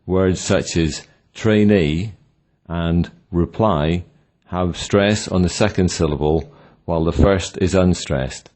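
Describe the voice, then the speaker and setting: Deep slow-spoken male lesson narrator. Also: darkish tone. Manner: slow, deliberate, instructional. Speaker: language teacher. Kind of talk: scripted narration.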